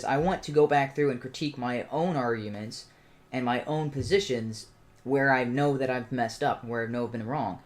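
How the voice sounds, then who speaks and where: A man's voice: mid-range voice, normal speed. A man hosting a livestream, giving an impassioned, argumentative commentary monologue. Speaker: channel host.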